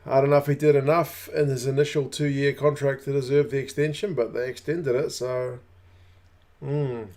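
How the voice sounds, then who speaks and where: A man's voice: medium pitch, level tone, moderate pace, darkish tone. Aussie guy chatting on a rugby watch-along stream, rambly, says hi to viewers by name. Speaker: rugby channel host. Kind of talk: casual live watch-along chat reading comments.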